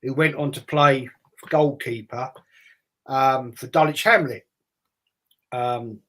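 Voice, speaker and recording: Taking things slowly, a host with a medium-pitched, steady, sharp-toned voice recounts rambling stories of his childhood during a casual chat. He's an older man from England with a London accent who acts out the voices in his anecdotes.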